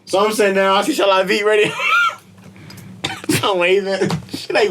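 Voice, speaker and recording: A young man from Israel co-hosting a casual podcast, telling an animated, slangy story and laughing often. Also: high-pitched, unhurried, heavy background noise. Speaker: podcast co-host. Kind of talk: casual chat.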